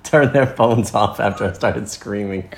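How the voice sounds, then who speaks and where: A man's voice: lowish voice, moderate pace, gravelly, a little hiss or hum. Joking self-deprecating male co-host. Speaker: co-host and story reader. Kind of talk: casual chat in an online audio room.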